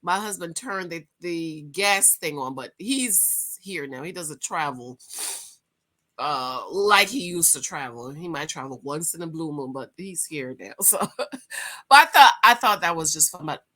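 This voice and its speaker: A middle-aged woman hosting her own channel, talking to viewers in an animated, storytelling way. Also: a little slow. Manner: animated storyteller, big swings in pitch and loudness. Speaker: channel host. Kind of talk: casual vlog monologue.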